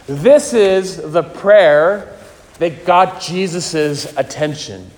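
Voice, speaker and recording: A man's voice: on the high side, animated, a little mellow. Male preacher, earnest sermon delivery, long church-hall reverb. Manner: slow, earnest, questioning delivery.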